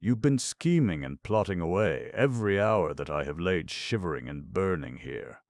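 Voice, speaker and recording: A man's voice: deep voice, expressive, normal speed, no room sound, studio quality. A man voicing a surly, bitter male burglar who growls threats and demands. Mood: growling.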